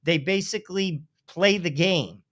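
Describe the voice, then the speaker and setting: A man co-hosting a talk show, speaking in a measured, hedging way with frequent fillers. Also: sits high, a bit bright, no room sound, studio quality. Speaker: co-host. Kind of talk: political talk show discussion.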